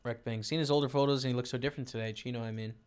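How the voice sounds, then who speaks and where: A man's voice: medium pitch, fairly even intonation, racing, darkish tone, clear, resonant tone. Chatty man rambling over poker footage. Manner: rambling, chatty, addresses viewers directly. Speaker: poker YouTuber commenting over a broadcast.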